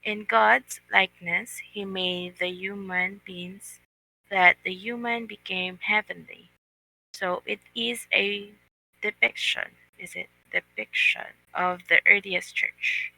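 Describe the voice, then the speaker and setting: A woman reading aloud to an online book club, halting and careful, pausing over hard words. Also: medium pitch, steady tone, gravelly, pushed and bright, dry recording, poor audio. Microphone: online voice call.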